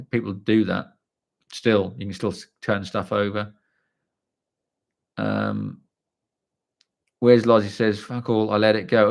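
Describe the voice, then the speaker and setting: A low, gravelly man hosting a casual livestream. He rambles through a story, stops to answer viewer comments, and swears freely. His voice is rough with fry. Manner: chatty, blunt, swears freely, calls people mate. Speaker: livestream host.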